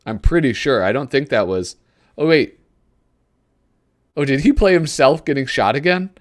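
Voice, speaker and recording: A man's voice: mid-range voice, animated, moderate pace. A male host giving casual live commentary while flipping through a magazine. He rambles, gropes for names and chuckles often.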